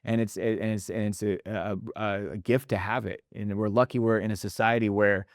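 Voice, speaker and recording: A man's voice: on the low side, steady tone, normal speed, no room sound, studio quality. A man hosting a podcast in casual interview talk, emphatic and intense, often checking in with "right?" and swearing mildly for emphasis. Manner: blunt, drops mild swearing for emphasis. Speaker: podcast host and restaurant consultant.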